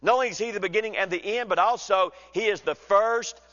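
A man preaching an expository sermon, measured and emphatic, slowing down to read scripture. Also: high-pitched, fairly bright tone. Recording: dull sound with long hall reverb.

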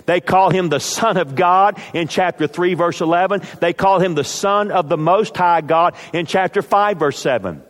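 A man preaching a sermon as pastor, speaking emphatically and rising to forceful commands. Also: high-pitched, moderate pace, hardly any pauses, in a large hall.

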